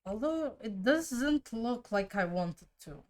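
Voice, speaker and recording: A woman streamer thinking aloud to herself while drawing, trying colors and musing in a relaxed, casual way. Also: a little high, slow. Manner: musing to herself, trial and error, soft laughs.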